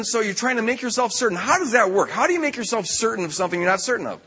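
A man giving an animated sermon at a retreat camp, acting out the voices in the stories he tells. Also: high voice, slightly rough, big-room sound. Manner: animated, acts out quoted voices. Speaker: retreat speaker.

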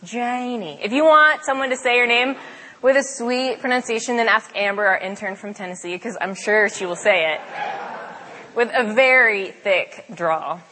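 A woman's voice: on the high side, normal speed, sharp tone. Young woman, casual sermon talk, chatty with fillers, long hall reverb. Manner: chatty, self-deprecating, with fillers. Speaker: campus ministry staff speaker.

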